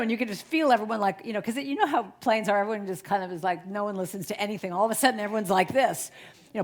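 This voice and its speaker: A middle-aged woman giving a storytelling sermon as a guest speaker, chatty and animated, often laughing. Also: mid-range voice, fast talker. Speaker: guest speaker at a spiritual center.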